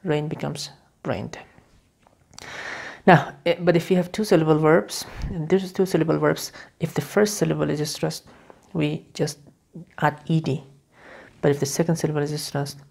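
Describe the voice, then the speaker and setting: A woman with a low, darkish voice and vocal fry teaches English grammar in a video lesson. She explains step by step, repeating key words over and over, and her speech is halting with frequent restarts and fillers.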